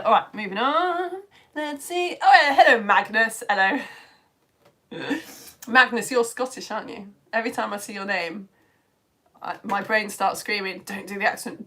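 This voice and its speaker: A woman's voice: on the high side, fairly bright tone. A woman teaching a live online science lesson, chatting with viewers and reading out their comments in a bubbly, playful way, laughing often.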